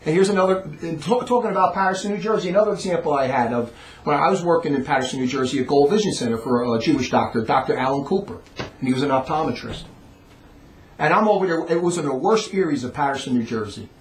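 A man's voice: fairly high pitch, fast, a little hiss or hum. A man delivering a rambling, emphatic monologue, often repeating his words for emphasis. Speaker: monologue speaker. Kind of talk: ranting monologue. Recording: roomy echo.

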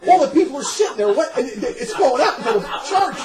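A middle-aged man telling a story in casual chat, animated and laughing often as he acts out the people in it. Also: very high-pitched, fast talker, crowd noise, poor audio. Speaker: storyteller in a religious talk recording.

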